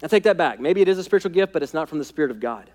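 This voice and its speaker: A man preaching a sermon as pastor, emphatic, repeating key phrases and dropping to quiet intensity. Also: fairly high pitch, expressive, rapid-fire, long reverb tail. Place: church sanctuary.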